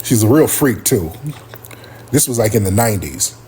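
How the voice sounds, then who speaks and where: A man hosting a live stream, telling a story casually and acting out other people's voices with big pitch jumps. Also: animated, moderate pace, warm tone, a little hiss or hum. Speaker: livestream host.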